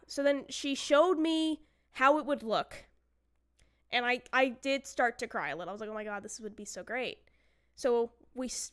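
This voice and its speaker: Woman streamer, casual chat, slightly high and smooth, animated storyteller who acts out quotes.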